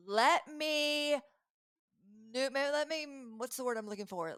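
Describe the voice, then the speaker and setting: A woman coaching listeners in an earnest, animated talk with a faith-based message, often stopping to correct herself. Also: a little high, normal speed, no room sound, studio quality. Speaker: life coach.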